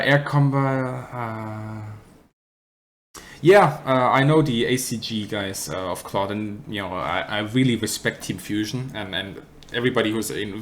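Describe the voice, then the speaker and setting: A man's voice: lowish voice, slight background noise. A man with a German accent casually answering chat questions on a live stream, rambling and correcting himself with dry humour. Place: apartment.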